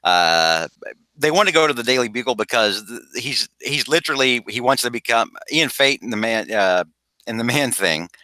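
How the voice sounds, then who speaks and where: A man hosting a podcast, retelling a comic book story in a rambling, animated way and slipping into quoted voices. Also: medium pitch, normal speed, no room sound, poor audio. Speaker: podcast host. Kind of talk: casual comic book recap.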